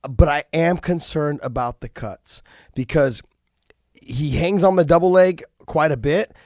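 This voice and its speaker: A man co-hosting a chat show, breaking down a matchup in a loose, quick way with lots of fillers. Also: a little high, darkish tone, no room sound, clean studio sound. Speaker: co-host, fight coach. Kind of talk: casual chat.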